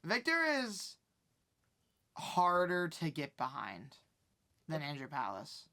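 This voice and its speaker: A man co-hosting a casual podcast on a headset mic. He makes quick, wry remarks and often restarts his sentences. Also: on the high side, big pitch swings, sharp tone. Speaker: podcast co-host. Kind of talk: casual chat.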